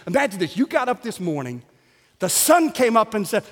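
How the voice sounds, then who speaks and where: A man preaching a comic, animated sermon, poking fun at himself and bursting into shouts. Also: sits high, normal speed, long reverb tail. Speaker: pastor. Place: large church sanctuary.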